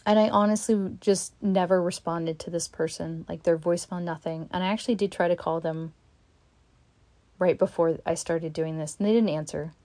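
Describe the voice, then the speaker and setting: A woman's voice: fairly low pitch, fairly even intonation, a little mellow, no room sound. Blunt, frustrated woman venting. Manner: frustrated, blunt, swears often; halting, with restarts and sighs. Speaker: vlogger. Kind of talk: candid venting monologue.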